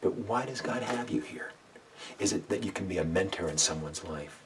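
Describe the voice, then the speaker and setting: Deep-voiced man giving a devotional sermon. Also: lively intonation, moderate pace. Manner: earnest, asks listeners to repeat lines aloud, drops to a whisper for God's voice. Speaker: pastor. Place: home room with a window. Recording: slightly distant mic, faint background noise.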